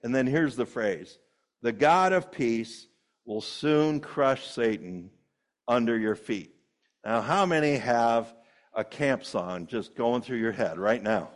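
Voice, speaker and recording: A male pastor delivers a sermon from a church sanctuary. He talks in an easy, conversational way, repeating phrases, using fillers and chuckling often. His pitch sits in the ordinary middle range for a man. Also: animated, slow pace.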